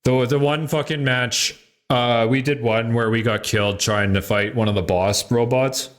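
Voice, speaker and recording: A man's voice: medium pitch, fairly even intonation, normal speed. A man hosting a podcast in casual chat, loose and profane, laughing often. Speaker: podcast host.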